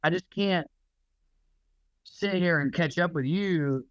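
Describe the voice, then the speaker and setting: Guy ranting on a podcast, swears a lot, kinda high voice, dry room. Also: slow, no echo, lo-fi sound. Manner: profane, ranting, animated. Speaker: podcast co-host. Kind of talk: casual chat.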